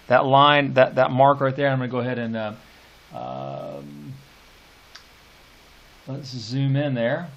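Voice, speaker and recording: Slow-talking male teacher with many pauses. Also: medium pitch, expressive, a bit bright, dull audio. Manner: unhurried, hesitant with many fillers, reads lines slowly and deliberately. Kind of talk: classroom lecture on poetry.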